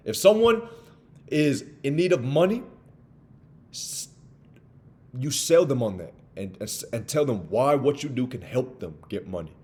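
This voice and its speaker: A young man giving a motivational talk on sales, energetic and acting out sales conversations in different voices. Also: mid-range voice. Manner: energetic, acts out sales dialogues in varied voices. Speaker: sales coach.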